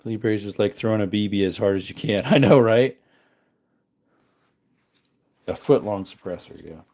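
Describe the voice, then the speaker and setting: A man's voice: lowish voice, dark tone. A man casually chatting on a livestream, reading comments aloud while tinkering with parts. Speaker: livestream host.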